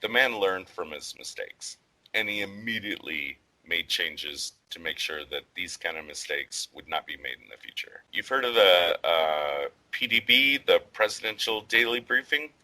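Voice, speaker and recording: A man's voice: low-pitched, expressive, normal speed, pushed and bright, poor audio. A man co-hosting a podcast, talking in a rambling, casual way with lots of fillers and the odd swear word. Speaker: podcast co-host.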